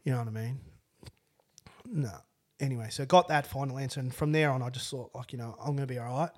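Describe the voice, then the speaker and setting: A man's voice: mid-range voice, fairly quick. A young Australian man in a podcast interview, telling a long story in casual chat, rambling with restarts and swearing freely. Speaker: podcast guest.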